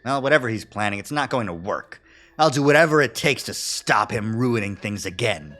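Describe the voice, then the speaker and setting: A man's voice: on the low side, expressive, normal speed, a bit bright. A man streaming a video game, reading the narration aloud and making wry, joking asides. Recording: stream with faint game music.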